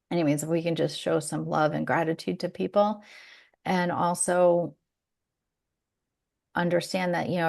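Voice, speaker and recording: A woman with a gravelly, slightly low voice co-hosts a podcast in relaxed conversation. She tells stories loosely, laughs often and stops to restart her sentences. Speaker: podcast co-host. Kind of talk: casual chat.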